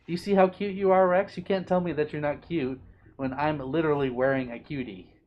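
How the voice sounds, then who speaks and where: A man casually chatting on a live stream, reading out chat messages in a playful, doting, bubbly way with big jumps in pitch. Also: fairly even intonation, fairly quick, lo-fi sound.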